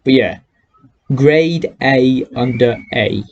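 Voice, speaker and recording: This teenage boy speaks slowly at a medium pitch with a North East English accent, vlogging casually and cheerfully for YouTube and laughing between sentences. The headset-mic recording sounds lo-fi, with slight background noise.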